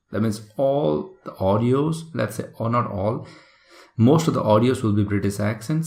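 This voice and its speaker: A man's voice: lowish voice, gravelly, darkish tone. A man teaching a recorded exam-prep lesson, explaining step by step and often checking in with the listener. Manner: explanatory, checks in with "right?" and "okay?".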